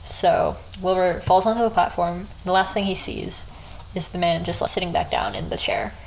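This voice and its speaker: A woman's voice: lowish voice, very animated, normal speed, a little mellow, a little hiss or hum, poor audio. A woman retelling a story in a casual, chatty way, often breaking into giggles. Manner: giggly, chatty, frequent laughs.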